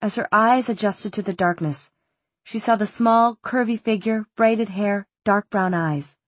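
A woman narrating a novel in a measured, steady way, on a close studio mic. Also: medium pitch, no echo. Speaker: audiobook narrator. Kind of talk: scripted narration.

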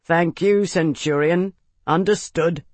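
A narrator voicing a young male army captain, calm and wryly confident, who talks in a calm drawl and now and then shouts an order. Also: fairly high pitch, takes it slowly, dry recording.

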